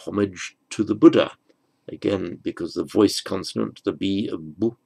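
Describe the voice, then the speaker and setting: A man teaching a slow, patient grammar lesson, spelling out words and rules. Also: deep voice, gravelly, a little mellow, slightly rough, rough recording. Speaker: Sanskrit teacher.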